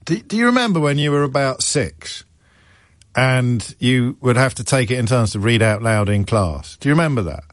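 A man's voice: medium pitch, lively intonation, dry recording, clean studio sound. Wry radio host in his fifties. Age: 50s. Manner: wry, mocking and conversational, with quick restarts. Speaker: radio talk show host. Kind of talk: talk radio monologue.

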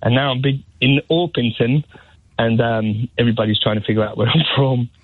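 A man's voice: mid-range voice, steady tone, a little fast, no room sound. A man born in Scotland with a mixed Scottish, English and American accent, chatting as a caller in an easygoing, rambling way. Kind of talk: casual phone chat. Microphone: telephone. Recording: tinny phone line.

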